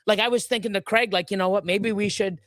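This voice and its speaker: A woman's voice: mid-range voice, steady tone, fast talker, no echo. A woman hosting a livestream, ranting angrily with heavy swearing and many restarts. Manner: furious, profane, many restarts. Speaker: livestream host. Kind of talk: angry live-stream rant.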